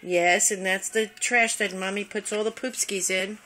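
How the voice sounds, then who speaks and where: An older woman filming her cats at home on a phone, cooing to them in high baby talk. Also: steady tone, normal speed, sharp tone, slight background noise. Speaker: grandmother filming pets. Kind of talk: casual home video with cats. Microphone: phone camera.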